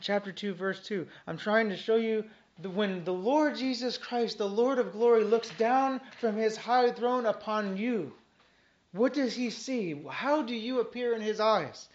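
A man's voice: high-pitched, a little slow. A man preaching an expository sermon, reading scripture aloud and stressing key phrases earnestly with repetition. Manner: reads scripture aloud between comments. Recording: dull lo-fi sermon recording.

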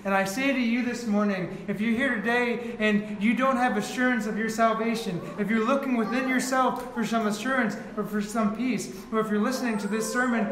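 A high-voiced man preaches a sermon, retelling the story earnestly to his congregation. His voice rings in an echoey church room, with a faint hum of background noise underneath. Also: steady tone, a little fast, hardly any pauses, fairly bright tone. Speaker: pastor. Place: church sanctuary.

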